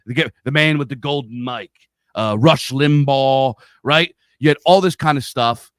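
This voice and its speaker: A man's voice: medium pitch, moderate pace, fairly bright tone, dry recording. A middle-aged man from Pennsylvania with a Pennsylvania accent, telling stories loosely in a casual podcast chat and swearing freely. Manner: rambling storyteller, swears freely. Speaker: podcast host. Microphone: studio mic on a live stream.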